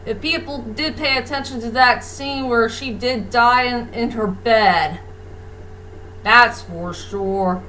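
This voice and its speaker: A woman's voice: sits high, sharp tone, slight background noise, rough recording. A woman giving an earnest, plain-spoken casual movie review, often closing her points with the same stock phrase.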